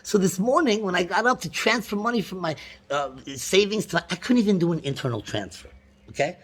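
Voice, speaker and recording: A man's voice: sits high, expressive, brisk, breathy edge. A man on a phone call, complaining at length about a bank with frustrated, repetitive restarts and sudden outbursts. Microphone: phone call recording.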